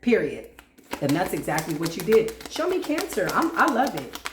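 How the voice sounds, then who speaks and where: Woman, tarot reader, playful and lively, mid-range voice, roomy echo. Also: mid-range voice, fairly quick, noisy background. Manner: animated, playful, talks straight to viewers. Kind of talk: casual tarot reading.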